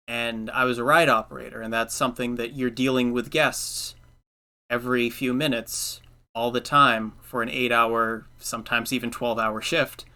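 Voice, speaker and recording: A man's voice: mid-range voice, bright, forceful tone. A young man hosting a casual podcast chat, giving earnest advice with lots of filler words. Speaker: podcast host.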